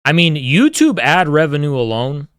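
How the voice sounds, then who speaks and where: A man's voice: on the high side, sing-song, moderate pace, clean tone, no echo, clean studio sound. A man hosting a livestream, ranting casually with heavy swearing and mock-grandiose taunts. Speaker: livestream host. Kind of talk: casual streaming rant.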